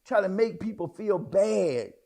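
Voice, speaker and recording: A man preaching a sermon in a folksy, conversational way, swinging between hushed asides and loud outbursts. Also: sits high, expressive, a little slow, gravelly. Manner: folksy, addresses congregation as y'all, child, honey. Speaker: apostle preaching.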